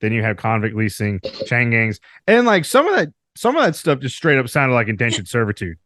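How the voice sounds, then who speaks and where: A man's voice: medium pitch, huge pitch swings, brisk, fairly bright tone, no echo, studio quality. A man hosting a podcast, talking loosely with lots of fillers and some swearing. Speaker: podcast host. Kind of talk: casual podcast chat. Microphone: remote call mic.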